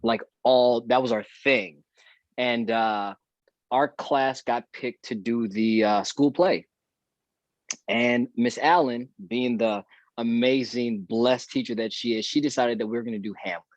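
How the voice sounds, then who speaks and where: A man who is a guest actor tells a story from his school days in a loose, chatty way. He slips into the voices of the people in it as he goes. His voice sits at a middle pitch, and the audio is dull and lo-fi, dry and close, with no room sound. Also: a little slow, no room sound. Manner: lively storyteller who acts out remembered dialogue. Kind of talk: casual podcast storytelling.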